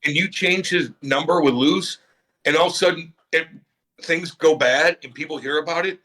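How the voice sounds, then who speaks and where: Bright-voiced man telling animated stories. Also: fairly high pitch, moderate pace. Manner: animated storyteller, acts out quotes, swears freely. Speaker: former pro hockey player, guest. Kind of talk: casual storytelling in a podcast chat.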